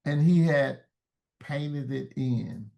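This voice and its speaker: A man's voice: fairly high pitch, drawn-out words, vocal fry, warm tone. A man talking as an interview guest in a reflective, searching way, often restarting words mid-thought. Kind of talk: casual interview talk.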